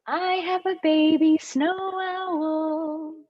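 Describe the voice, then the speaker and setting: A woman voicing tiny baby hatchling animal puppets in a slow, sing-song voice with little gasps. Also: very high voice, level tone, no echo, full character voice. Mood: sweet. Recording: dull lo-fi sound.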